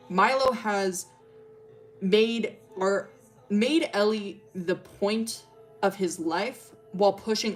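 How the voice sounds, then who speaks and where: Young female streamer, mid-pitched, loose and chatty storyteller who swears and giggles. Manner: rambling, filler-heavy, swears and laughs often. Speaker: streamer telling character lore. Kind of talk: casual storytelling.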